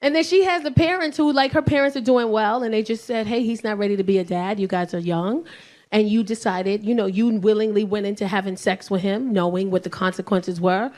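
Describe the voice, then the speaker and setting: A middle-aged woman performing stand-up, telling family stories in an animated, profane way. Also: mid-range voice, brisk. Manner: animated, profane, acts out voices of her son and boyfriend. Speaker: stand-up comedian. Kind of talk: stand-up storytelling. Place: comedy club stage.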